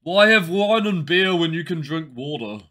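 A man's voice: fairly high pitch, animated, normal speed, fairly bright tone. A man casually commenting while he plays a game live, with wry, chatty reactions. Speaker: game streamer.

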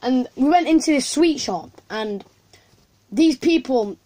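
A woman's voice: sits high, expressive, measured pace, mellow. A woman, casually telling a story to camera in a rambling way with lots of fillers and restarts.

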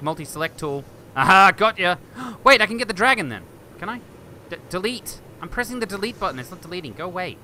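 A man hosting a game video, thinking aloud and getting excited as he chats to objects on screen. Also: a little high, a little hiss or hum. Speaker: gaming video host. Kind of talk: let's play commentary.

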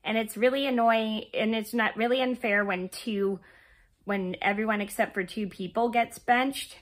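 A woman in her thirties, hoarse and scratchy from a cold, rambling through a casual storytime while she crochets, with many fillers and restarts. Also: fairly high pitch, fairly even intonation, moderate pace. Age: 30s. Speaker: vlogger.

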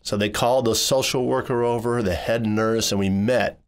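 A man narrating a personal story in the first person, voicing it expressively and jumping higher when he quotes people. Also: normal speed, clean tone. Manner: expressive, jumps high when quoting people.

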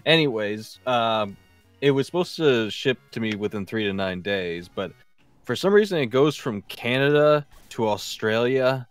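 A man's voice: medium pitch, lively intonation, a little slow, clean tone, faint music behind. A man in a casual game-stream chat, telling rambling stories and swearing. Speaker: stream co-player.

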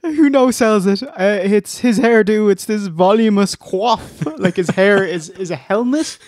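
A man's voice: high voice, a little mellow, no echo. Laughing man recapping wrestling, dry sound. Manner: jokey, laughs often, quick asides. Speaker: podcast co-host. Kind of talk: casual recap commentary.

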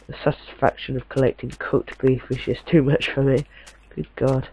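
A man's voice: mid-range voice, normal speed, muffled recording, a little hiss or hum. A young man giving casual, chatty commentary while playing a game, talking to himself in a slightly posh way. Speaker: gamer.

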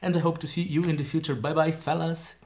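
A man's voice: fairly high pitch, little pitch movement, fast, a little mellow. Chatty Brazilian man explaining words. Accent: Brazilian Portuguese. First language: Portuguese. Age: 30s. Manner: chatty, self-deprecating, frequent "okay?" checks. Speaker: English learner vlogger. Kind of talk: casual video diary explaining vocabulary.

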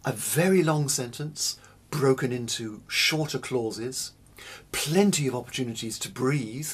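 Slow, breathy man giving a music lesson. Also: medium pitch. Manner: slow and deliberate, stressing single words. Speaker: early music teacher. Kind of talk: spoken lecture on music.

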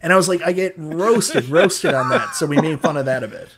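A man's voice: on the high side, a little fast, fairly bright tone, husky. Joking man with a Newfoundland accent. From Newfoundland, Canada. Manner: chatty, joking, self-deprecating. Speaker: co-host. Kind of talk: casual podcast chat.

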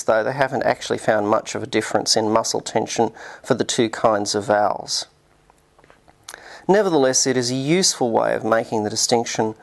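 A man narrating a scripted linguistics lesson in a measured, explanatory way. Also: medium pitch, gravelly. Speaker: linguistics lecturer.

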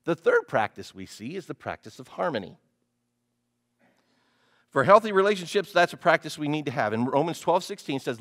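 A male pastor preaching a sermon, animated, often putting questions to the congregation. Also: fairly high pitch, brisk.

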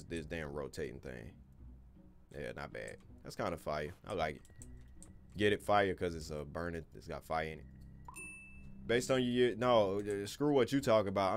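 Rambling, low-voiced man playing a game. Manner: loose, rambling, swears casually, talks to viewers. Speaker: gaming YouTuber. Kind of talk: casual gameplay commentary.

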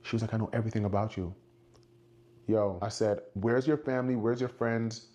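A man telling an animated story and acting out the quoted lines of the people in it. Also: a little fast. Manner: acts out quotes, shifts pitch for dialogue. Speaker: storyteller in a played clip.

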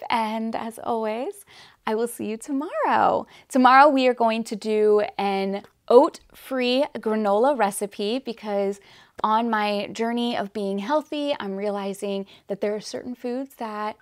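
A woman's voice: on the high side, moderate pace, no room sound, studio quality. A woman vlogging to camera in a casual, upbeat and rambling way. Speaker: lifestyle vlogger. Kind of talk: casual chatty vlog to camera.

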